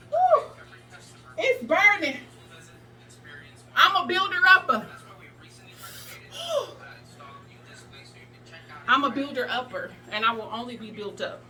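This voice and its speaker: Brief: emphatic, breathless woman hosting a workout vlog, high-pitched, recorded at a distance over clear music. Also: bright, forceful tone. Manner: sassy, preachy, emphatic, laughs often. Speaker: plus-size fitness vlogger. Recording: distant mic with music behind.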